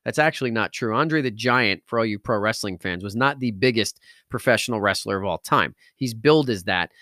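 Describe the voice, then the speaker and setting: A man's voice: lowish voice, expressive, brisk, bright, forceful tone, dry recording, clean studio sound. Emphatic man telling a story on a podcast. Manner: intense, emphatic, rising to outbursts. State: emotional. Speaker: podcast host. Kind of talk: emotional storytelling monologue.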